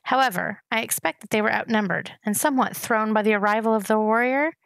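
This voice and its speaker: Menacing sarcastic rat, male, gravelly edge, read by a woman. Mocking, theatrical. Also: on the high side, fast talker, a bit bright, no room sound, studio quality.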